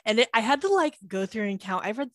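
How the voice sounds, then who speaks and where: A woman's voice: fairly high pitch, quick pace, dry recording. Woman, podcast co-host, casual chat, hesitant restarts, dry close mic. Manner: relaxed, hesitant, restarts often.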